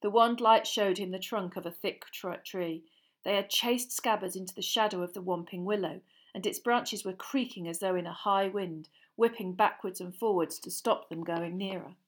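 A woman narrating a story in an audiobook reading, dramatic and expressive, with tense parts dropping to a hushed voice. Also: mid-range voice, normal speed.

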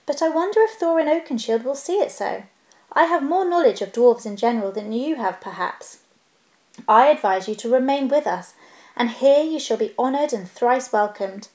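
A woman voicing a proud male elf king who speaks in a measured, dignified way. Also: high voice, darkish tone. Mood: stately. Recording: roomy echo.

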